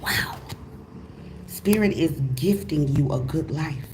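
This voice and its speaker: A woman with a fairly low voice hosts a tarot reading in a loose, motivational way. She talks emphatically, repeats phrases for effect and breaks into slangy exclamations. A faint hiss sits under her voice. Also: slow, darkish tone. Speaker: tarot reader.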